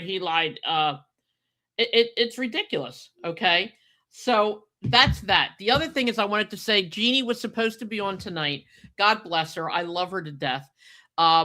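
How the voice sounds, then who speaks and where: Bright, emphatic woman podcast host. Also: medium pitch. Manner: emphatic, chatty, keeps adding "okay?". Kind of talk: casual podcast chat.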